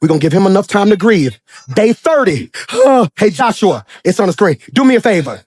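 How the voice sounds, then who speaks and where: A man preaching a sermon as pastor, swinging from shouted high points to low, quiet asides and acting out characters. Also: very animated, dry recording. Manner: acts out characters in quick dramatic voices.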